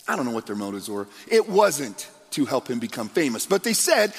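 A man preaching a sermon as pastor, telling the story with animated, acted-out quotes. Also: mid-range voice, quick pace. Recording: long hall reverb.

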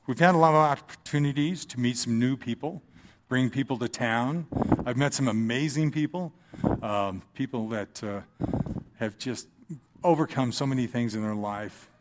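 Man, mid-pitched, sharing a heartfelt testimony to a congregation; plainspoken, earnest, drops in a dry joke now and then. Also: normal speed, noisy background. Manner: earnest and conversational with dry humor. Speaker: businessman giving church testimony. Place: church, speaking from the front.

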